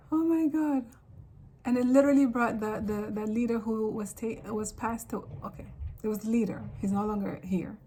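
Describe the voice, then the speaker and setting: A woman from Africa talking straight to camera in a casual, animated monologue, full of rambling asides. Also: medium pitch, moderate pace, rough recording. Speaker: vlogger.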